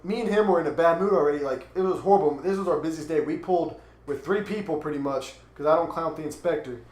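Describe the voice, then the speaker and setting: A man's voice: fairly high pitch, fast talker, a little mellow. A young man with a Texan accent, telling a story and ranting in a casual, profane podcast chat. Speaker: podcast co-host. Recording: echoey room.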